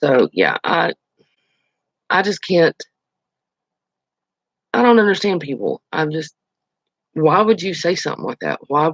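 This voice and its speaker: Creaky-voiced man chatting on a live stream. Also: on the high side, huge pitch swings, a little slow, pauses often, a bit bright, no room sound, muffled recording. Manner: chatty, storytelling, answers viewer comments. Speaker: channel host. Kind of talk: casual live-stream chat.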